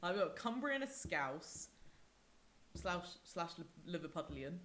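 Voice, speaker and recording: A woman's voice: slow, a little hiss or hum. Chatty young English woman. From England. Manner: animated storytelling, acts out quoted people with big pitch jumps. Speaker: podcast co-host. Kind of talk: casual chat.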